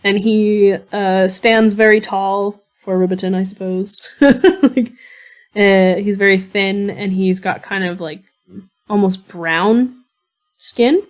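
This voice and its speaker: A woman's voice: medium pitch, slow. Giggly woman narrating as game master. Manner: casual, giggly, with many fillers.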